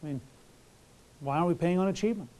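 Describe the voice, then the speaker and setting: A man's voice: high-pitched, fast talker, noisy background. A man lecturing a class in a conversational way, with many fillers and restarts. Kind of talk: college lecture.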